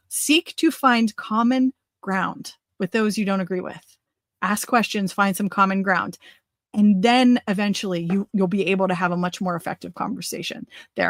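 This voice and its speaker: A woman in her forties hosts a political livestream talk show, talking in an energetic, rambling, conversational way while losing her voice. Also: medium pitch, no echo. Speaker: host.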